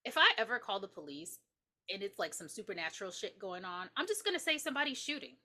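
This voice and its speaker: A woman's voice: mid-range voice, very animated, quick pace, pushed and bright. A woman co-hosting a podcast, casually reviewing a horror movie with blunt, profane jokes. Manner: blunt, profane, joking asides. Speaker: podcast co-host.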